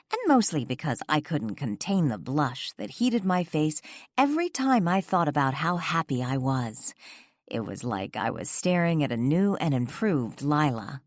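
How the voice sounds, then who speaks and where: A woman narrating a first-person romance audiobook in an expressive storytelling voice. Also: deep voice, dry recording, studio quality.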